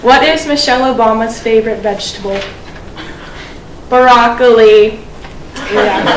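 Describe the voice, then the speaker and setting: A young woman telling one-liners as a student comic, deadpan and hesitant with frequent ums. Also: a little high, noisy background. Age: young adult. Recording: echoey room, mic far off.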